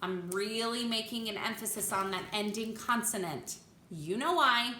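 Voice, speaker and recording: A woman's voice: fairly high pitch, normal speed, pushed and bright, echoey room, slight background noise. A woman choir teacher giving a vocal lesson, coaching diction step by step and singing phrases for the class to copy. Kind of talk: vocal lesson with sung demonstrations.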